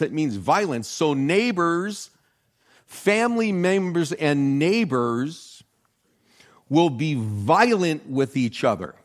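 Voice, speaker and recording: Animated older male pastor preaching. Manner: animated, jokey, leaps in pitch for emphasis. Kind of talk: sermon.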